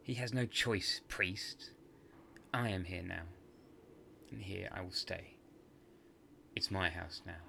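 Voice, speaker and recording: A gleeful, mocking demon from a spoken horror story, sneering at a priest, as a male narrator puts him on. The voice sits very low and sounds crisp and forceful. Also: slow pace, long pauses, a little hiss or hum, exaggerated voice. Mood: taunting. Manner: taunting, mocking.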